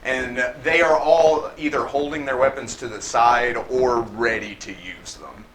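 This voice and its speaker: A game master narrating a tabletop game with lively, chuckling narration. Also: medium pitch, unhurried, a crowd in the background. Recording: noisy recording.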